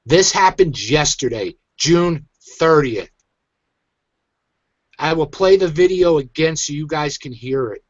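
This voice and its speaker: A man's voice: a little high, expressive, slow pace, dry recording, highs cut off. A man hosting his own online show, venting in an agitated, emphatic rant. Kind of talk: angry ranting commentary.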